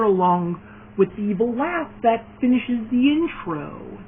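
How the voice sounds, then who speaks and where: A man's voice: sits high, very animated, a little slow. A man talking casually in a vlog, rambling through his plans with lots of fillers and restarts, eagerly adding one more point after another. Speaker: video creator announcing his fan series. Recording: tinny phone-like sound, faint noise.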